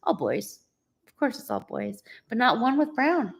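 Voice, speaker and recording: A woman co-hosting a casual live stream from her ranch, chatting warmly and now and then breaking into playful sing-song calls. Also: on the high side, wildly swooping pitch, moderate pace, vocal fry. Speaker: ranch owner, livestream co-host. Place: ranch home, indoors.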